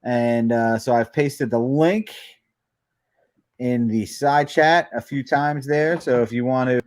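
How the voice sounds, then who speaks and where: An easygoing man co-hosting a casual live stream who explains things hesitantly, with lots of fillers. His voice sits at a middle pitch. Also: slow pace, no room sound, studio quality. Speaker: co-host of motorcycle live stream.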